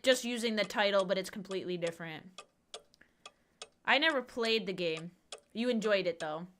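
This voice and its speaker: A woman's voice: a little high, sharp tone, slight background noise. A young woman streaming a point-and-click game, chatting casually with her viewers and exclaiming at the puzzles. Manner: chatty, exclamatory, talks to chat. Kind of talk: casual livestream gaming chat.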